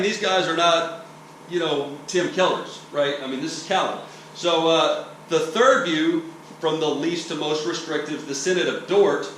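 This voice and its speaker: A man's voice: a little high, fairly bright tone. Distant, echoey male preacher teaching. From Texas. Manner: conversational, explanatory, frequent restarts and "okay?" checks. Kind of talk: teaching sermon. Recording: roomy echo, distant mic, faint hiss.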